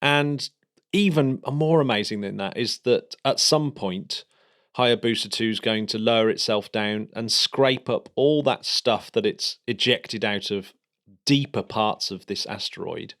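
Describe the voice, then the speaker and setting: Here a man with a fairly low, somewhat bright voice co-hosts a laid-back space podcast. Speaking a little slowly, he runs eagerly and loosely through the news of the week.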